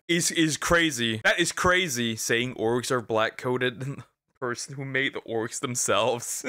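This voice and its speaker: A man casually reacting to a video, animated and crude, laughing often and tripping over repeated words. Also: medium pitch, unhurried.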